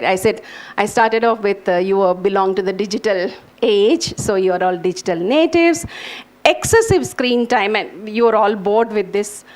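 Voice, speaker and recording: A middle-aged woman, an English professor, giving an earnest lecture to students and speaking to them directly. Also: mid-range voice. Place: lecture hall.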